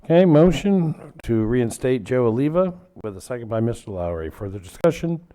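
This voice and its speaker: A man chairs a council meeting, moving through motions briskly and informally. His pitch moves a lot. His tone is warm and mellow. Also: sing-song, dry recording.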